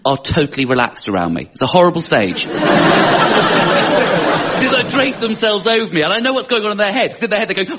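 A man, a comedian guest, doing a self-mocking stand-up routine in an animated manner. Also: high-pitched, brisk, pauses often, over a noisy crowd, heavy background noise. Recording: dull TV studio sound, loud audience.

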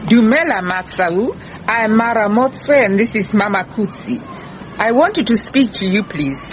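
An actress playing a calm, firm woman detective who talks in a patient, steady, persuasive way. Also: medium pitch, a little slow, lo-fi sound, slight background noise, lightly acted. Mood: polite. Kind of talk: radio drama acting.

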